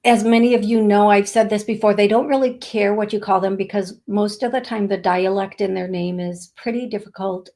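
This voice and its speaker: A woman hosting a live psychic reading stream, talking slowly and affectionately to viewers, with many fillers while she reads comments. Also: mid-range voice, steady tone, dark tone. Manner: slow, soothing, affectionate. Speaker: psychic medium host.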